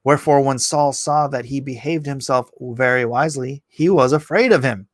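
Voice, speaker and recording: A man's voice: medium pitch, normal speed, no room sound. A man reading scripture aloud on a casual livestream, breaking off to joke and greet chat viewers by name. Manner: laughs at his own asides.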